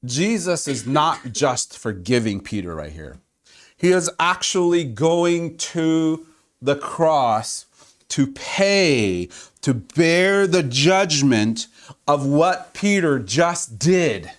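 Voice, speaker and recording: Guy preaching a sermon, slightly high voice, slow and very animated, gets loud then drops real quiet. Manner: expressive preaching, swings from loud to hushed. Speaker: pastor.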